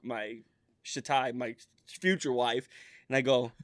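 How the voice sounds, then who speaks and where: A man in his thirties co-hosting a casual podcast, telling animated stories, often laughing and acting out voices. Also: mid-range voice, slow pace, no echo, clean studio sound. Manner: animated storyteller, laughs a lot, acts out voices. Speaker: podcast co-host. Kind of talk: casual chat.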